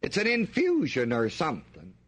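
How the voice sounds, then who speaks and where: A man's voice: fairly high pitch, huge pitch swings, normal speed, breathy edge. A male preacher delivering an emphatic sermon, reading scripture aloud and drawing the congregation in with questions.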